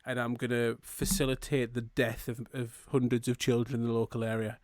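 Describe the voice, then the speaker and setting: A man's voice: medium pitch, level tone, darkish tone, dry recording, studio quality. Joking, sweary man on a podcast. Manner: joking, sweary, quick to laugh. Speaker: podcast co-host. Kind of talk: casual comedic chat.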